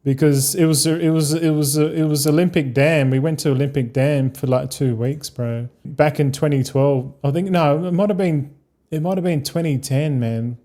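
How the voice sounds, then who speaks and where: Here the same kind of casual live-stream chat comes from an Australian man in his thirties who curses often and wanders from topic to topic while gaming. He speaks at a moderate pace in a warm, steady, fairly high-pitched voice.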